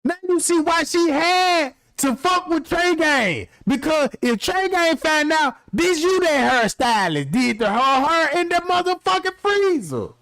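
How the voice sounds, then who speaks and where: A man with a country-sounding voice hosting a stream, ranting in a brash, profane, animated way. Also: very high voice, a little slow, hardly any pauses, dry recording. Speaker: livestream host. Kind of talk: casual ranting commentary.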